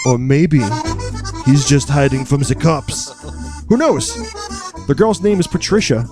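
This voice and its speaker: A man co-hosting a podcast, recapping a film in a casual, wry, joking way with deadpan asides. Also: a little high, measured pace, music in the background.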